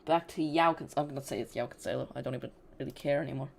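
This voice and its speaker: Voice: medium pitch, rapid-fire, creaky. A host giving rambling, casual live commentary on a football match and chatting directly to viewers. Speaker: football watch-along streamer.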